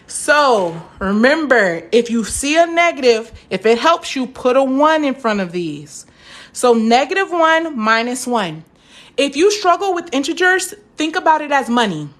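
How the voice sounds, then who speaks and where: A woman's voice: high voice, sing-song, unhurried, a bit bright. A young woman teaching a live math lesson, chatty and encouraging, stopping to answer viewer comments.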